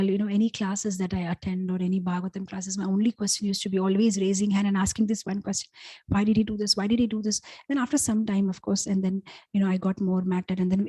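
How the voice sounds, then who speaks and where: A woman giving a devotional class, telling sacred stories in an animated, chatty way, filled with fillers and acted-out voices. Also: mid-range voice, no room sound, poor audio. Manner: loose, chatty phrasing with many fillers. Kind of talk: devotional storytelling talk.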